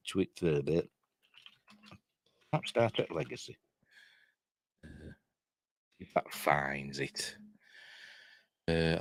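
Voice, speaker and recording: Low-voiced and darkish in tone, a Yorkshire-accented man from England runs a live news stream, reading headlines before wandering into rambling, self-deprecating tangents. He swears mildly and laughs at his own jokes. There's no room sound.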